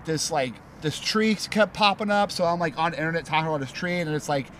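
A man's voice: a little high, quick pace, fairly bright tone, a little hiss or hum. A man in a casual podcast chat telling a rambling, profanity-filled story full of "like". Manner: rambling, swearing, many likes. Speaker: podcast guest.

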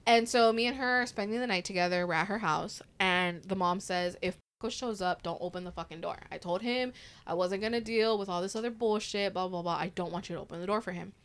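A woman's voice: mid-range voice, fast, clear, resonant tone. A woman in her thirties telling a story in casual chat. She swears freely and acts out the voices of the people in it. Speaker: podcast host.

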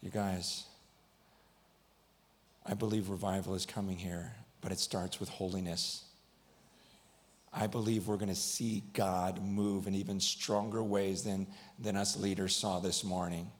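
A man's voice: deep voice, level tone, unhurried. A man preaching a sermon at a live event, telling a story in a conversational way and acting out what others said.

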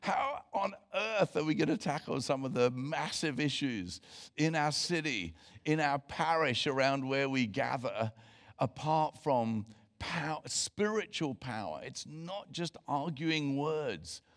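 A man's voice: a little high, animated, slow pace. Emphatic male pastor preaching. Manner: emphatic preaching with joking asides to the congregation. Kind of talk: sermon.

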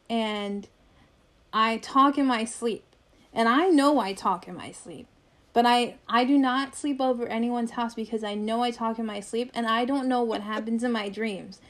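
Young woman, podcast co-host, chatty and animated, slightly high voice. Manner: animated, laughs often, acts out quotes. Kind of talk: casual storytelling.

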